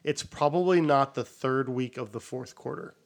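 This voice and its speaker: A man who teaches, co-hosting a casual podcast and telling classroom stories with lively acted-out quotes. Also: mid-range voice, normal speed, gravelly. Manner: animated storyteller, acts out what students say.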